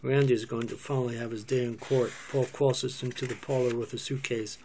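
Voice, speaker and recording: Gravelly man reading stage directions. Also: medium pitch, flat delivery, a little fast, darkish tone, a little hiss or hum. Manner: plain, matter-of-fact reading of stage directions. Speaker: script reader. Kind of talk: cold reading of a play.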